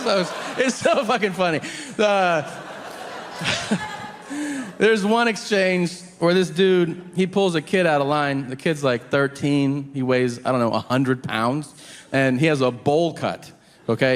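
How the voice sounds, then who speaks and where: A man doing a stand-up set, acting out people in loud, high voices. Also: slow, long pauses, slight background noise. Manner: animated, acts out characters in loud high voices. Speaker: stand-up comedian. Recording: long hall reverb, faint ambience.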